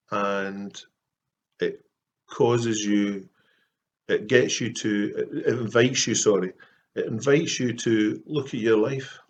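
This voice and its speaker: Soft-spoken Scottish man, low voice. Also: highs cut off. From Scotland. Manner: soft-spoken and earnest, with frequent pauses and fillers. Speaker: Christian artist vlogger. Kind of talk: casual heartfelt talk to camera.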